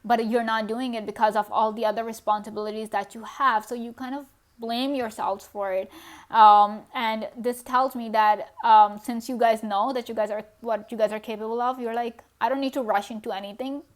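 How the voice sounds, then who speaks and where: A woman reads tarot cards in a relaxed, conversational way. Her voice sits a little high. She speaks directly to the viewer, dropping in "you know" and soft laughs as she goes. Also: normal speed. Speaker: tarot card reader. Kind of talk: casual pick-a-card tarot reading.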